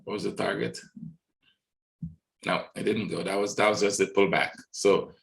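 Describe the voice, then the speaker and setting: A man with a low voice talks through market charts as a webinar host. He reasons out loud and keeps tagging "right?" onto his points. The sound carries a noticeable room echo. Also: fairly even intonation, normal speed, gravelly. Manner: thinks aloud, many "right?" tag questions. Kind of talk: live market analysis walkthrough.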